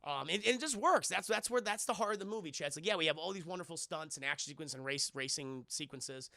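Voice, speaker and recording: A man streaming a casual scene-by-scene film recap to his chat, animated and profane, and often acting out lines in comic voices. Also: fairly high pitch, fast, gravelly, no echo, clean studio sound.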